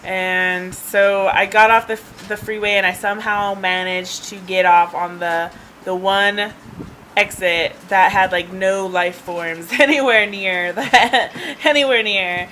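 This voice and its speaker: Bright-voiced woman rambling through a story. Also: mid-range voice, steady tone, a little slow, a little hiss or hum, poor audio. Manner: chatty, laughs often, many fillers and restarts. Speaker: vlogger. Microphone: handheld device camera.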